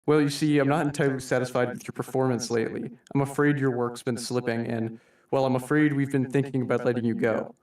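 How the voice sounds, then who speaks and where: A man's voice: mid-range voice, little pitch movement, fast talker, a little mellow, lightly acted. A man voicing a theatrical masked anarchist who reads a formal, mock-polite monologue addressing humanity as his staff, recorded in a roomy room from a distant mic.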